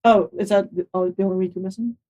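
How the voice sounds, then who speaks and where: A woman playing in a tabletop game, chatting casually, quick and supportive. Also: mid-range voice, steady tone, warm tone, muffled recording. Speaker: player.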